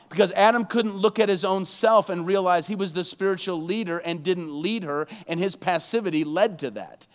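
Male preacher, slightly higher voice, dramatic sermon delivery with acted-out quotes. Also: normal speed, hardly any pauses. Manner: dramatic, acts out quoted prayers with rising intensity. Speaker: pastor.

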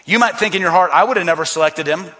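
A man's voice: sits high, quick pace, sharp tone. A man preaching a sermon as pastor, emphatic and repetitive, acting out quoted voices.

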